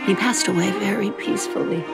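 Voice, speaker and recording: An actress voicing a gentle, reassuring elderly mother in a game cutscene, speaking softly and slowly. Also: medium pitch, close to an everyday voice. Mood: tender, reassuring. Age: older. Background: game score music.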